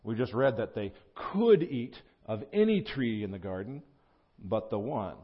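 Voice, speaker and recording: A man preaching a sermon, teaching through a scripture passage in an earnest tone with fillers and restarts, jumping up in pitch and volume when he voices the words he quotes. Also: lively intonation, unhurried, slightly rough, muffled recording. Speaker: pastor. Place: church.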